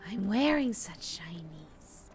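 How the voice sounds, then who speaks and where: A woman's voice: medium pitch, expressive, slow pace, soft background music. A woman voicing a greedy little goblin who hisses and whispers over shiny loot. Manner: whispery, hissing over treasure.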